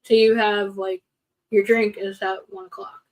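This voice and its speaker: A woman's voice: mid-range voice, flat delivery, unhurried, a little mellow. A woman co-presenting a seminar, chatting casually as she reads out audience questions and adds her own experience. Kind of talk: casual panel talk.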